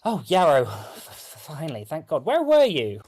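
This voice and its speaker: Male GM doing a fussy, bossy halfling innkeeper mum, pitched up high, quick and scolding. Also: wildly swooping pitch, darkish tone. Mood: brisk. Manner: brisk and scolding. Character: busy bossy middle-aged halfling mother.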